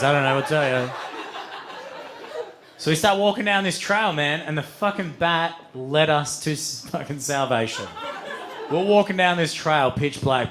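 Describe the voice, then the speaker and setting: A young man doing stand-up, telling a wild story with lots of swearing and sudden loud acted-out outbursts. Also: mid-range voice, slight background noise. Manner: animated, swears freely, acts out voices with loud outbursts. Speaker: stand-up comedian. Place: comedy venue stage with audience.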